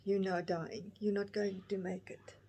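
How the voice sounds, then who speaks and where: Woman, 50s, personal vlog story, halting, emotional, many restarts, mid-pitched voice. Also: flat delivery, mellow, husky. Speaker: vlogger.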